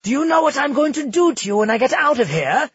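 Audiobook: male narrator playing a sarcastic imprisoned assassin, pitched up, sneering and mocking. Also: big pitch swings, extremely slow, a little mellow, slightly rough, no room sound, dull audio, heavily acted. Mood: sneering taunts. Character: sarcastic male former assassin prisoner, taunting.

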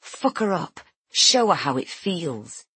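A woman voicing a cold, goading female inner voice, speaking slowly and menacingly. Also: very animated, pushed and bright, husky, dry recording, heavily acted. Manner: slow, low, menacing.

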